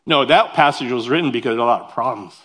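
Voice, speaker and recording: A man preaching a sermon as pastor, animated and conversational, turning to the congregation with questions and personal asides. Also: medium pitch, fast.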